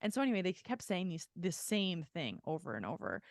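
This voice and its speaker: Speaking fairly quickly with vocal fry, this female podcast co-host has a fairly low voice that swings widely in pitch. The recording is clean studio sound with no room noise, and her casual chat is candid, long-winded, packed with "like," and full of swearing.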